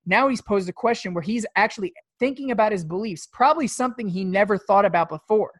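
A man's voice: high voice, quick pace, no room sound, clean studio sound. A man co-hosting a podcast, telling stories in a loose, profane way with many fillers. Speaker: podcast co-host. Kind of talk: casual podcast chat.

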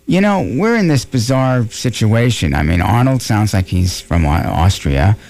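A man's voice: fairly low pitch, lively intonation, moderate pace, creaky, darkish tone. New York man telling jokey stories. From New York (Bronx). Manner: storytelling, jokey asides. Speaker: actor and author guest. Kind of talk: casual interview chat.

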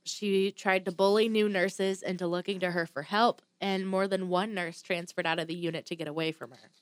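A woman's voice: on the low side, fairly even intonation, moderate pace, dry recording. A woman hosting a casual chat and telling a true crime story from notes, with blunt asides and the odd swear word.

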